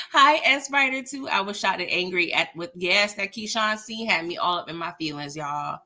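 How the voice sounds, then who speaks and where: A woman with a mid-range voice hosts a casual live show recap at normal speed. She talks animatedly and chattily straight to her viewers, often laughing as she goes.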